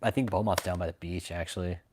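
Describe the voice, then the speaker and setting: A man's voice: deep voice, steady tone, fast talker, a little mellow, slightly rough. A man from Texas, hosting a casual livestream chat, swearing constantly, mocking and laughing often. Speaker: livestream host.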